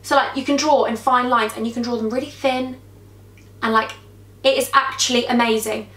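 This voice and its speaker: A woman's voice: on the high side, moderate pace. Chatty young woman vlogging makeup. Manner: gossipy, animated storytelling while applying makeup. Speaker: beauty vlogger. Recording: echoey room.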